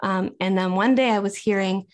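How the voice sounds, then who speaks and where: A woman voicing a shy, innocent female lake monster in an improvised comedy bit, talking in a halting, earnest, naive way. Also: mid-range voice, steady tone, natural voice. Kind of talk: improvised comedy role-play.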